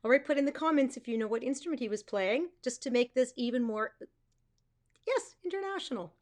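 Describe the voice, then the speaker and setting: A woman's voice: sits high, animated, brisk, darkish tone. A woman music teacher hosting a live stream, chatting casually with self-amused asides. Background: guitar music.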